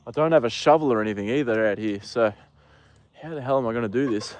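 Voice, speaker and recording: Relaxed Australian man streaming outdoors. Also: mid-range voice, quick pace. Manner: relaxed, chatty, talks gently to horses. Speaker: livestreamer. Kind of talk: casual livestream chat. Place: outdoor paddock. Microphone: phone.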